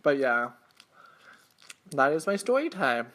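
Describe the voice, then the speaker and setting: A man's voice: mid-range voice, sing-song, takes it slowly, a bit bright, a little hiss or hum. Young guy rambling thru a storytime while he eats, lots of likes and ums, kinda embarrassed. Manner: rambling, filler-heavy storytelling; self-conscious, embarrassed. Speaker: mukbang host. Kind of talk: casual storytime while eating.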